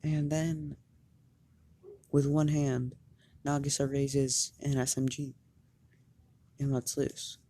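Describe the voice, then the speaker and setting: A fan storyteller improvising a story narration, halting and often repeating words. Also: medium pitch, level tone, dark tone, a little hiss or hum.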